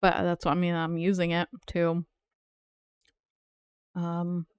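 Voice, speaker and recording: A woman's voice: lowish voice, completely flat delivery, slow, clean tone, dry recording. A woman game streamer chatting casually with her viewers in a playful, teasing way and laughing often. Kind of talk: casual live-stream chat.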